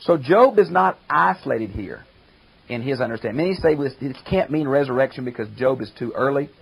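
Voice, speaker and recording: An older man and pastor teaching a Bible commentary lecture, emphatic, slowing down to stress quoted verses. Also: medium pitch, expressive, vocal fry, husky, poor audio.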